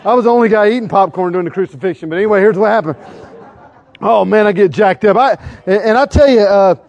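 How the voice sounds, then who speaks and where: A man, preaching to a live crowd in a humorous, excitable storytelling way with sudden loud outbursts. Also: sits high, fast, dull audio.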